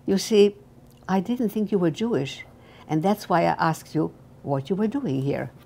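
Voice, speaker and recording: An elderly woman voicing an earnest, anxious young male guard who speaks softly and apologetically. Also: lowish voice, lively intonation, normal speed, creaky, husky, exaggerated voice. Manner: soft, pleading, apologetic.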